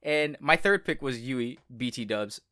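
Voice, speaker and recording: A man in casual chat, animated, laughing often and swearing freely. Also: medium pitch, a little slow, no room sound, clean studio sound.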